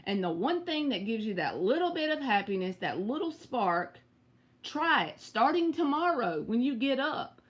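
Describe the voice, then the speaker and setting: A woman's voice: on the high side, big pitch swings, normal speed. Chatty Southern woman reading tarot. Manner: chatty, direct, answers viewers by name. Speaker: tarot reader. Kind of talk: live-stream tarot reading.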